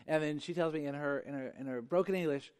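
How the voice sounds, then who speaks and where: High-voiced preacher in a reverberant hall. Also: male voice, quick pace, darkish tone, clean tone. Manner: emphatic, repeats phrases for effect. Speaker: pastor. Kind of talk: sermon.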